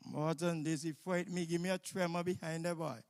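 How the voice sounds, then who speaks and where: Man, Kittitian accent, loud joking stage emcee, high voice, outdoor stage mic. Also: little pitch movement, a little fast. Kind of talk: live stage emceeing with banter.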